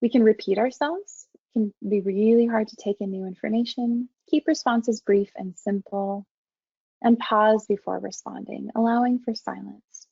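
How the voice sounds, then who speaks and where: Presenting a webinar, this woman from a university counseling faculty speaks in a calm, gentle, measured way. Her mid-range voice is mellow and a bit raspy, full of vocal fry, and the lo-fi audio sounds dry and dull with no room sound.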